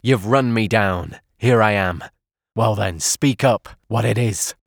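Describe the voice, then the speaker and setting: A gruff, hot-tempered old sea captain, as a man puts him on, blunt and forceful. His voice is low and hard, like an old sailor in a storybook. The recording is dry and close. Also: slow pace, no room sound, heavily acted.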